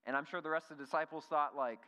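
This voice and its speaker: A man's voice: fairly high pitch, steady tone, fast, bright, forceful tone, smooth. A male pastor preaching an earnest sermon, full of rhetorical questions and repeated words. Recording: reverberant hall.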